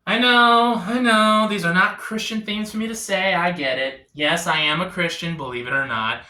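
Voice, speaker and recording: A man performing a stand-up comedy set, delivering confessional setups deadpan and then swinging into sudden punchlines. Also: on the high side, a little fast, echoey room.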